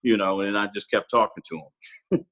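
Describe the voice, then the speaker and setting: Bright-voiced earnest man in his forties. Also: on the low side, moderate pace, rough recording. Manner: earnest, casual, often calls the host brother. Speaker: Marine sergeant major, podcast guest. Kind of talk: candid conversational storytelling.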